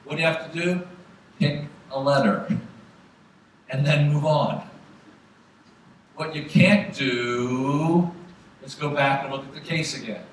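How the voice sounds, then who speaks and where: A man's voice: a little high, measured pace, long pauses, recorded from a distance, slight background noise. A man lecturing to a seminar of students in an emphatic, direct way that rallies the room. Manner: emphatic, direct, rallying the audience. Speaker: exam prep lecturer. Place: large lecture hall. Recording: very echoey hall, voice from afar.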